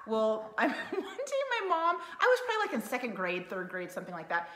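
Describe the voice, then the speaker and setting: Female co-host, thirties, chatty, bright voice, roomy echo. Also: a little high, huge pitch swings, a little fast. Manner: chatty, laughs along. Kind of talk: casual chat.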